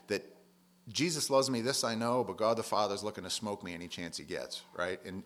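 A man's voice: medium pitch, fairly bright tone. A man preaching a sermon in a conversational, plain-spoken way, leaning hard on key words.

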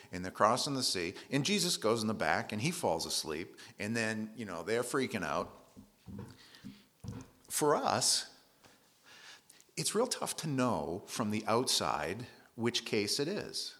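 A man's voice: medium pitch, a bit bright. A man preaching a conversational sermon, retelling scripture in everyday words with casual asides.

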